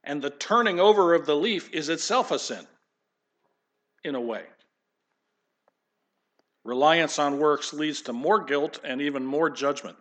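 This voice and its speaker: A man's voice: a little high, unhurried, long pauses, fairly bright tone. Emphatic preaching man. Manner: emphatic preaching with rising, punchy declarations; conversational asides. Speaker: pastor. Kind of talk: sermon.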